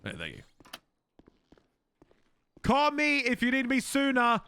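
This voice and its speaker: A man's voice: extremely high pitch, huge pitch swings, takes it slowly, creaky, sharp tone, dry recording. A man streaming a game role-play and chatting to viewers, swearing, laughing and rambling.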